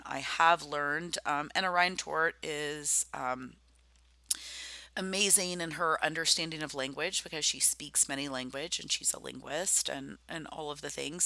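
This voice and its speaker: A woman's voice: sits low, pushed and bright, dry recording. Middle-aged lady coach talking thru her slides, lots of ums, dry close sound. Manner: rambling, many ums and self-corrections. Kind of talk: unscripted personal presentation.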